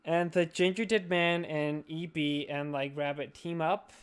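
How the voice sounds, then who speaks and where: A man's voice: on the high side, fairly even intonation, unhurried, clean tone. A drunk young man hosting a podcast, rambling and swearing as he chats. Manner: rambling, profane, slurry. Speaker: podcast host. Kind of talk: casual drunk chat.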